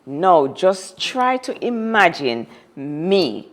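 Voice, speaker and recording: A woman guest recounts a personal story, and her voice sits on the lower side. She tells it dramatically and repeats key phrases to drive them home. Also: sing-song, extremely slow. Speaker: interview guest. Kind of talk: telling a personal story in conversation.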